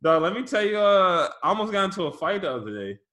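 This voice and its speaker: A man in casual chat, telling an animated, profane story and laughing often. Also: high-pitched, quick pace, roomy sound. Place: his office.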